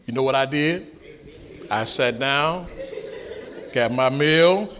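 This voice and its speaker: A middle-aged man preaching a sermon, with shouted peaks and folksy stories. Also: mid-range voice, takes it slowly, a little hiss or hum. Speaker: pastor.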